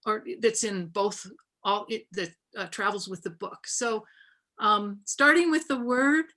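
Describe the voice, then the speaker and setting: Giving a talk on a video-call panel, this woman book artist sounds medium in pitch, a bit slow, and sharp in tone. Her reflective remarks are full of fillers and restarts.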